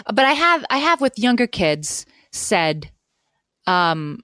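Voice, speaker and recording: A woman's voice: medium pitch, very animated, takes it slowly, sharp tone, smooth, dry recording, clean studio sound. A woman co-hosting a parenting podcast, chatting casually and animatedly, often restarting sentences and acting out things parents say. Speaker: podcast co-host.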